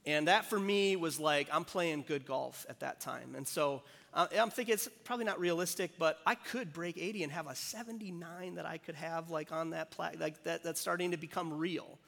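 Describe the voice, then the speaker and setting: Pastor, male, slightly high voice, chatty and self-deprecating storyteller from the pulpit, ringing in a big hall. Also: normal speed, vocal fry, fairly bright tone. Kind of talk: sermon with a personal story. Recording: long hall reverb.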